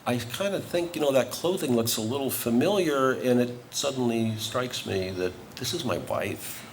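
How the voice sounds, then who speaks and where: A man's voice: mid-range voice, normal speed, noisy background. A man giving a humorous acceptance speech, telling a comic story with careful timing. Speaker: award honoree giving a speech.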